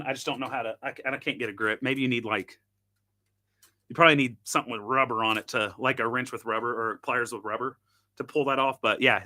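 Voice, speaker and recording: Host, male, tinkering on camera, bright tense voice; loose, self-mocking chatter. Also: mid-range voice. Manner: chatty, self-deprecating, thinks aloud while tinkering. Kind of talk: casual live product demo.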